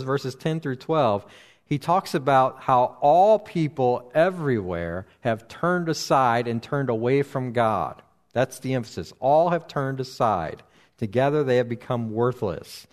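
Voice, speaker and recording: Male preacher, middle-pitched voice, slow careful delivery, explains scripture verse by verse with pauses. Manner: slow and deliberate, with frequent fillers and restarts. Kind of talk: expository Bible teaching.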